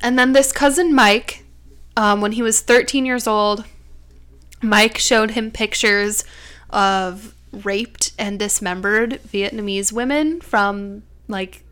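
A woman's voice: mid-range voice, slow pace, a bit bright, clean tone. A young woman co-hosting a podcast, chatting casually about a true-crime story with lots of "like" and "um". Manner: chatty, many fillers like "like" and "um". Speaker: podcast co-host.

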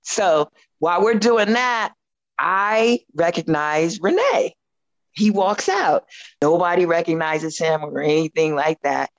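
A woman in her fifties, a podcast guest telling a long story in casual chat, animated and laughing often as she acts out what she said. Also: fairly low pitch, slow pace, no echo, dull audio.

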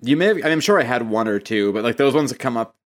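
A man's voice: medium pitch, lively intonation, very fast. A man in a casual podcast chat, explaining jokes at length to his co-hosts. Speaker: podcast co-host.

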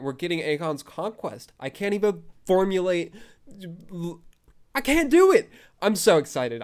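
A young man hosting a fan podcast, gushing with breathless, excited commentary and frequent outbursts. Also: mid-range voice, clear, resonant tone. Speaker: podcast host.

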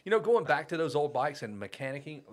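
A man's voice: fairly high pitch, sing-song, fast talker. A man in casual podcast chat, rambling through memories, laughing often and swearing casually.

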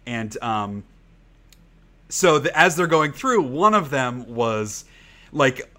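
A man's voice: mid-range voice, animated, unhurried, sharp tone. A man co-hosting a podcast who chats casually and rambles, swearing freely and using lots of "like". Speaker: podcast co-host. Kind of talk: casual chat.

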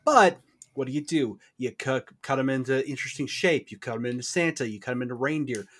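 A man's voice: medium pitch, fairly quick, fairly bright tone. A man co-hosting a casual podcast chat, playful and mock-outraged. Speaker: podcast co-host.

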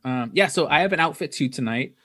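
A man's voice: fairly high pitch, animated, quick pace, sharp tone, slightly rough. A man hosting a podcast in casual chat, rambling and laughing often. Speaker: podcast host.

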